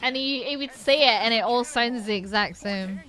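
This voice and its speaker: A woman's voice: on the high side, moderate pace, pushed and bright, soft background music. A woman with a Polish accent chatting casually on a gaming stream, swearing now and then and restarting her sentences often. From Poland.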